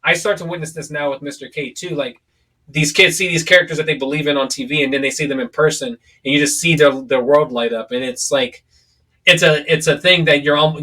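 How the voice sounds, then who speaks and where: A man's voice: fairly high pitch, recorded from a distance, poor audio. Young man hosting a chatty podcast, a little off-mic. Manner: relaxed and rambling, full of fillers and likes. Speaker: podcast host. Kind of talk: casual podcast chat.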